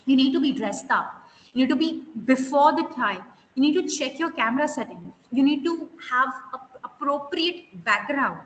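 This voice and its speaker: A soft skills trainer leads a live online lecture on interview skills, stressing key words and quizzing her students. Her high-pitched voice is expressive and moves at a normal speed. The room is echoey with long reverb and a faint hiss.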